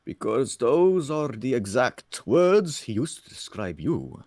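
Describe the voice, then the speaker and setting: A man reading the lines of a dry-witted skeleton detective, with a measured delivery, over an online voice call. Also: mid-range voice, big pitch swings, a little mellow, no room sound. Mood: wry.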